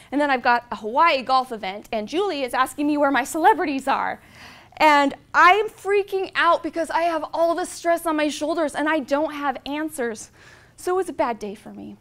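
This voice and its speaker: A woman in her forties speaks with a high voice as she gives an inspirational presentation. She tells heartfelt personal stories in an animated, expressive way to a live audience in a presentation room. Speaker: motivational speaker.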